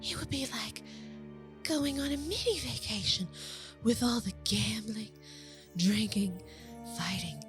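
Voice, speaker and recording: A woman voicing a flirty, swaggering sailor who talks in a soft, breathy half-whisper. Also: a little high, unhurried, pauses often, music in the background, pitched above the performer's own voice, close to an everyday voice. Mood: sultry.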